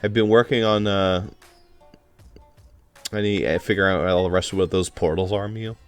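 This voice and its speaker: Guy reading game text out loud, kinda low voice, faint game music under. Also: moderate pace, smooth, no room sound. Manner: plain, steady reading with joking asides. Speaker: host of a game playthrough. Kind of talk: reading game narration aloud, casual chat.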